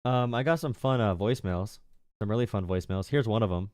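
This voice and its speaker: A man's voice: on the low side, fast, darkish tone, no echo, clean studio sound. A young man hosting a political livestream, talking casually with a sarcastic, mocking tone and frequent laughs. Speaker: political streamer and call-in show host.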